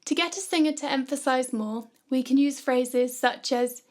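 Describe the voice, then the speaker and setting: A woman narrating a scripted music production tutorial in a calm, clear, instructive way. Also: high voice, normal speed.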